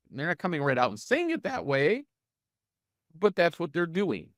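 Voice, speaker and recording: Speaking at normal speed in a higher register, a middle-aged trainer leads a live online session for real estate agents. He is energetic and keeps throwing rhetorical questions at his listeners. The sound is dry and studio-clean.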